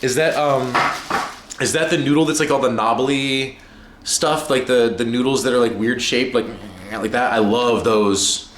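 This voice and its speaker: A man streaming from home, chatting casually, excitable and profane, rambling from one thing to the next. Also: medium pitch, normal speed, echoey room, background noise. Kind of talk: casual livestream chat.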